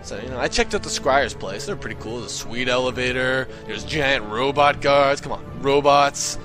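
A man telling a comic story in an excitable, profane, ranting way. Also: medium pitch, normal speed, over music. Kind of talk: comedic monologue.

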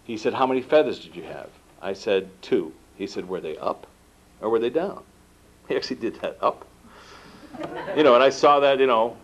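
Male speaker, mid-pitched, very expressive delivery, acts out dialogue in a story told to a crowd, muffled lo-fi recording. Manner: animated, acts out quoted dialogue, laughs at himself. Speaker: speaker giving a talk. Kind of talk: storytelling talk to an audience. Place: lecture room. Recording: dull lo-fi talk recording.

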